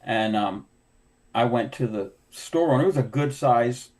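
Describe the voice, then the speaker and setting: A man's voice: medium pitch, measured pace. Middle-aged man telling shop stories. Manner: animated storyteller acting out dialogue. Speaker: podcast host, window cleaner. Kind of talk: casual storytelling chat.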